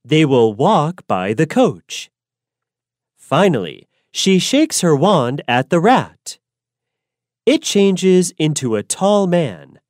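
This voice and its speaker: Slow low-voiced woman storyteller. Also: very animated, a little mellow, no room sound, clean studio sound. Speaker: narrator. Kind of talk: slow, clear storybook narration for learners.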